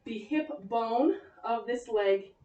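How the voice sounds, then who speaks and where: Breathless high-voiced woman leading a workout. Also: slow, warm tone, highs cut off. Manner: encouraging, chatty, laughs often. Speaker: fitness instructor. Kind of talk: leading a home cardio workout. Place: room at home. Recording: echoey room, voice from a distance.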